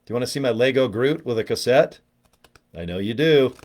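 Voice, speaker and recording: A man's voice: medium pitch, lively intonation, fairly quick, a little mellow. Joking, rambling man on a livestream. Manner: joking, rambling, self-mocking; talks to viewers in the chat by name. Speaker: livestream host promoting products. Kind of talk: casual live chat.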